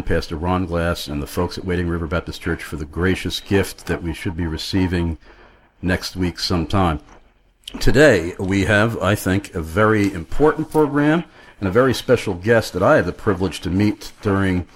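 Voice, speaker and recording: A man hosting a Christian talk radio show, chatting earnestly and rambling a little with fillers. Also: deep voice. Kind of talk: friendly talk radio chat.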